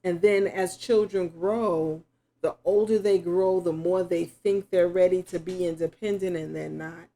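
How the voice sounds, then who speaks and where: A middle-aged woman giving a spoken tarot reading, slow and reflective, musing aloud with sudden exclamations. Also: fairly low pitch, fairly even intonation, warm tone. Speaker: tarot reader.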